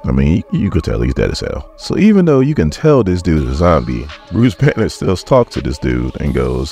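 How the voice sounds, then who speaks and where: A man with a strikingly deep, low voice recaps a comic in a loose, chatty way, padding the story with casual fillers. Faint music runs quietly under his talk. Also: huge pitch swings, a little fast, gravelly, hardly any pauses.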